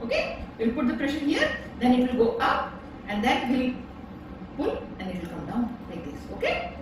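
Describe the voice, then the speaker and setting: A woman's voice: high-pitched, huge pitch swings, normal speed. A woman patiently teaching her young daughter a home science activity, repeating steps and checking with a rising "okay?". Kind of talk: home science lesson for a toddler. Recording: echoey room, distant mic, background noise.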